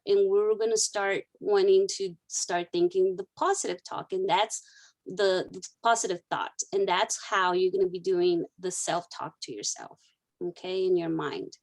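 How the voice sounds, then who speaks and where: A woman's voice: medium pitch, fairly even intonation, unhurried. A woman counselor guiding a client through a therapy exercise, repeating key phrases as she coaches. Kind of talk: counseling session role-play.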